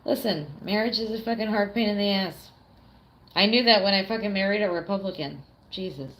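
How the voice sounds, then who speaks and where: A woman's voice: medium pitch, brisk, fairly bright tone. A young woman livestreaming casually, answering chat, chatty, swearing freely and laughing often. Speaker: streamer. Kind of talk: casual live-stream chat.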